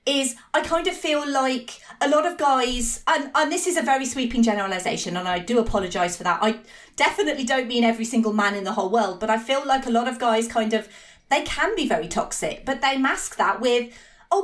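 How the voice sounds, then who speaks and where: Young woman podcast guest, bright high voice, chatty and self-deprecating, laughs a lot. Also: a little fast. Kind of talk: casual chat.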